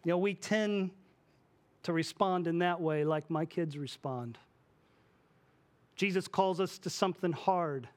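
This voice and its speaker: A man in his forties preaching a sermon as pastor, animated and acting out the voices he quotes. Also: high voice, unhurried, pauses often.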